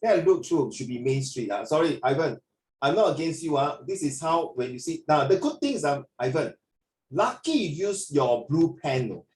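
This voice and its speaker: Teasing male teacher on a video call, kinda high voice, jokey, corrects a student and calls him my dear. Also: lively intonation, normal speed, rough recording. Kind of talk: online lesson.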